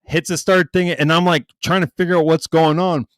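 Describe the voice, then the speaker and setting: In casual podcast chat, a young adult male co-host tells a story with plenty of swearing, acting out what people said in a raised voice. His fairly high voice runs a little fast, with no echo.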